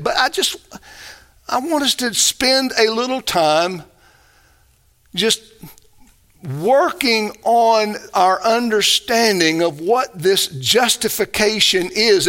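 A man's voice: sits high, bright, forceful tone. A man preaching a sermon, earnest and emphatic, building to rising bursts. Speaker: pastor.

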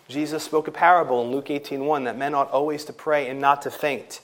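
A pastor preaching a sermon in a church, earnest and emphatic, with some fillers and rising intensity on key points. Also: male voice, a little high.

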